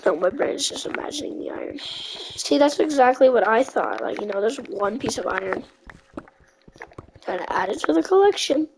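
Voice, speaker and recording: A woman's voice: fairly high pitch, sing-song, normal speed, background noise. A woman chatting casually while gaming with a friend, often dropping to a whisper and apologizing in a rambling way. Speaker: gamer playing with a friend.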